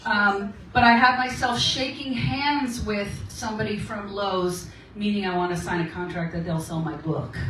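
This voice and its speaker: A woman's voice: medium pitch, steady tone, moderate pace, few pauses, fairly bright tone, a little hiss or hum. Chatty woman in her sixties, echoey room. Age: 60s. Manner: chatty storyteller, laughs often, asks "okay?". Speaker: guest speaker at a women's meeting. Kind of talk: casual encouraging talk. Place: meeting room. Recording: very echoey room, recorded from far off.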